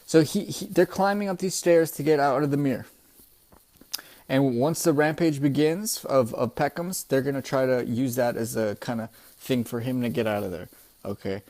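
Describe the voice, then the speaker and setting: A young man recapping a comic chapter in a casual, excitable, profane way, often calling his listeners "bro". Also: mid-range voice, moderate pace. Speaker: manga chapter reviewer.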